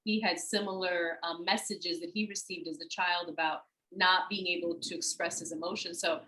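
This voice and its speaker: A woman co-hosting a podcast who warmly affirms and encourages her guest in casual conversation. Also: on the low side, steady tone, normal speed, poor audio. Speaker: podcast co-host. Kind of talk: casual chat.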